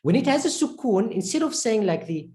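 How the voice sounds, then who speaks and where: A woman's voice: a little high, very animated, fairly quick, mellow. A woman teaching Arabic letter sounds in a step-by-step lesson. She drills each syllable patiently and repeats it, and she praises the learner's progress. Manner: encouraging, praises with "perfect" and "excellent".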